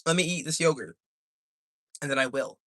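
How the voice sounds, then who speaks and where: A man's voice: on the high side, moderate pace, a bit bright, no room sound, studio quality. A young man chatting casually on a live stream, rambling and joking as he reads the chat aloud.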